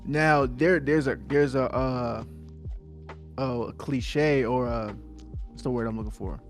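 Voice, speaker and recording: A man's voice: mid-range voice, slow pace, soft background music. A man from New Jersey co-hosting a podcast in casual chat, laid-back and repetitive, full of slang. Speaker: podcast co-host.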